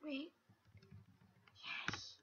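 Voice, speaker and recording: A young woman giving chatty, excitable commentary while playing an online game, with sudden squeals and whispered asides. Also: very slow. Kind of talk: casual gameplay commentary. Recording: dull lo-fi mic.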